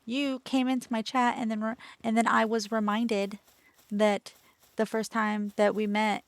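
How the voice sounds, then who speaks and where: A woman's voice: on the high side, flat delivery, measured pace, dry recording. A woman streaming as a VTuber, chatting casually and playfully with her viewers in a teasing, talkative way.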